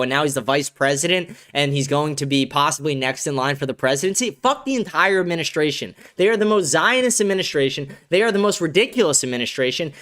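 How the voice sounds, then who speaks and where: A man's voice: on the high side, fairly bright tone. A young man hosting a livestream show, ranting in a profane, aggressive, heated way. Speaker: show host. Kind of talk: livestream political rant.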